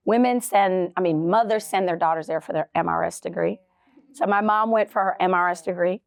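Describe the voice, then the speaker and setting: A woman from Jamaica, co-hosting a casual chat, telling animated stories and acting out quotes. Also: lowish voice, brisk, gravelly, dry recording. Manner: animated, storytelling, acts out quotes. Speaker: podcast co-host.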